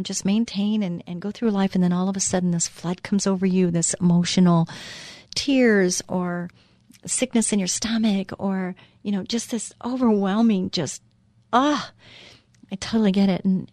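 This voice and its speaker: A woman's voice: medium pitch, warm tone, no echo, clean studio sound. A middle-aged woman hosting a Christian inspirational talk show, speaking earnestly and from the heart with many fillers and restarts. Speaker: radio show host.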